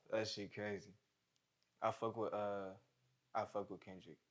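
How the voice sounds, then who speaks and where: A young man and rapper in a relaxed, slangy sit-down chat, often trailing off softly. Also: on the low side. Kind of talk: casual chat.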